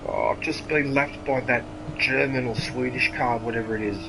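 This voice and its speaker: A man with an Australian accent chatting casually while he plays a racing game, swearing freely and reacting out loud to the race. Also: medium pitch, steady tone, moderate pace, creaky. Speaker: gaming channel host. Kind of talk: casual gameplay chat. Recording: noisy game audio behind.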